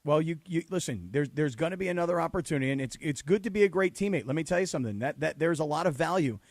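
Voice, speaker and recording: Teasing animated male radio host. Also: a little high, very fast, no echo, studio quality. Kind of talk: casual radio banter. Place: radio studio.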